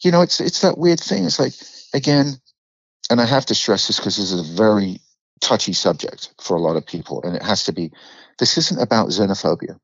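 A man's voice: on the low side, fairly quick, creaky, no echo, highs cut off. A man from England with a London accent, a guest actor telling stories in a casual podcast interview, swearing freely and acting out quotes. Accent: London English. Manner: animated storyteller, swears freely, acts out quotes.

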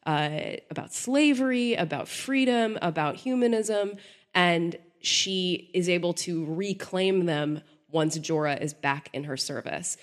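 A woman hosting a podcast, talking through ideas in a thoughtful, analytical way with frequent restarts. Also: fairly low pitch. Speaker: podcast host. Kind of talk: casual podcast discussion.

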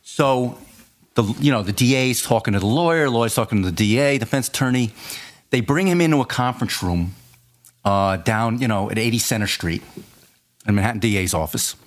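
A New man spins a story from his detective days in relaxed conversation. He talks in an animated way and stumbles over repeated words as he goes. His voice sits at an ordinary pitch. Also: a little fast. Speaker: former detective telling a case story. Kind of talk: casual storytelling chat.

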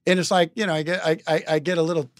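In a dry, studio-quality recording, a podcast guest with a slightly high voice races along with little pitch movement. His long anecdote is casual and rambling, stopping and starting with many repeated words.

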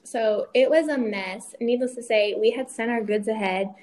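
A young woman with a slightly high voice tells a story in casual chat. She acts out each quoted line with lively swings in tone and laughs often. She speaks as a military spouse swapping stories. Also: normal speed.

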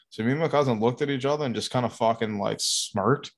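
Animated, foul-mouthed man telling a story. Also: mid-range voice, fast. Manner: animated, swears a lot, acts out other people's voices. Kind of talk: casual profane storytelling.

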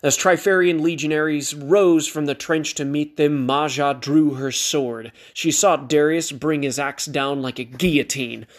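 A man reading a fantasy battle story aloud in a measured, dramatic way. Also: fairly high pitch, fairly even intonation.

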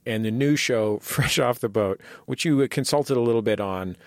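A male host interviewing a guest, asking long, measured questions with some hesitant ums. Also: medium pitch, no echo.

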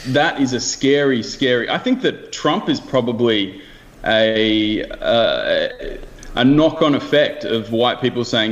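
A man's voice: medium pitch, expressive, takes it slowly. A man with a mid-range voice talks casually, thinking aloud and circling back on his own phrases. The recording sounds dull and lo-fi. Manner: loose, thinking aloud with restarts and asides. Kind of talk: casual conversation.

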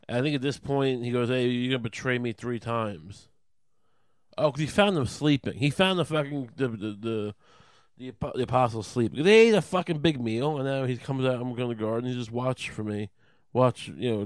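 A man's voice: mid-range voice, no echo. Rambling profane man, dry close sound. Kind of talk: profane comedic monologue.

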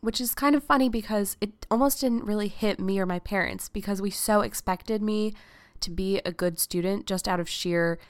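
18 yo girl hosting her podcast, kinda hoarse, smooth voice, dry close sound, lots of "like". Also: mid-range voice, normal speed, no room sound. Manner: chatty and reflective, many "like"s. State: hoarse from illness. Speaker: podcast host. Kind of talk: casual solo podcast monologue.

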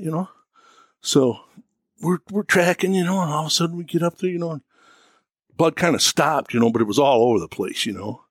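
A man's voice: fairly high pitch, animated, brisk, no room sound. An American man co-hosting a podcast, telling a long hunting story in a rambling way, peppered with "you know". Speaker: podcast co-host. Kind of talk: casual storytelling.

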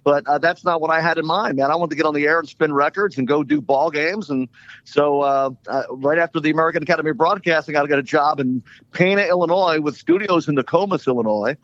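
An older man who grew up in Southwest Philadelphia calls in as a guest, telling wry stories about his start in radio. His voice sits slightly high. The line sounds dull and lo-fi. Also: fast, a bit bright, no room sound. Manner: wry, storytelling, joking. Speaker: basketball play-by-play announcer. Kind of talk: casual radio interview.

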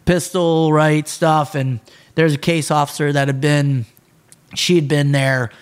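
A man telling stories as a guest on a podcast, animated and blunt, with a lot of swearing. His voice sits a little high for a man. He talks in a loose, casual way. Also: a little slow, smooth. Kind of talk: casual storytelling chat.

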